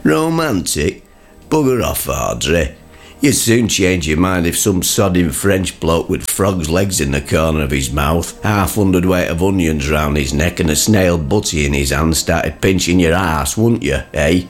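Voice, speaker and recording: A grumpy working-class father in a radio comedy, gruff, sarcastic and quick to scoff. His voice sits very low, with faint music behind. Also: lively intonation. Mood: grumbling.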